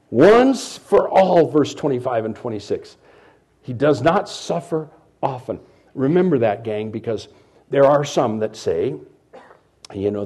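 Male pastor, middle-aged, husky and mellow tone, lively sermon delivery with loud peaks and hushed asides. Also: medium pitch. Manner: animated preaching, swings from loud emphasis to quiet asides.

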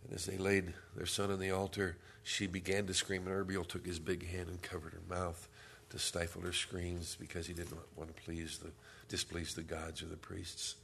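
A man with a fairly low voice preaches a sermon. He tells a story, jokes with the congregation, then reads scripture aloud in a booming, forceful voice. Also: completely flat delivery, normal speed, creaky, slightly rough. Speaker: pastor.

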